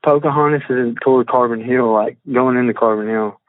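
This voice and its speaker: A man, talking haltingly on a phone call and reading out text messages, with many fillers and restarts. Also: mid-range voice, dry recording. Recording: tinny phone line, dry.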